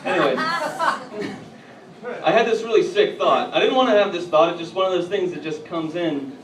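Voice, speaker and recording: Guy doing standup, kinda high voice, edgy jokes and crowd banter, sounds far off in a roomy club. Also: lively intonation, moderate pace. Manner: edgy jokes, audience banter, rising to loud bursts. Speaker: stand-up comedian. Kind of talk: stand-up routine. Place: comedy club stage. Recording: echoey, distant, noisy live room.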